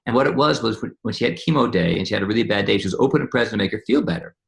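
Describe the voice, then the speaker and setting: A man with a low, gravelly voice talks quickly in a relaxed interview. He rambles through his stories and often restarts or repeats his words as he goes. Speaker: interview guest, medical scientist. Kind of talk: casual conversational interview.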